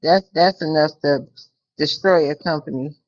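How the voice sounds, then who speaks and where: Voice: medium pitch, normal speed, no room sound, lo-fi sound. A speaker in a casual group talk, easygoing and teasing. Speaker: panelist.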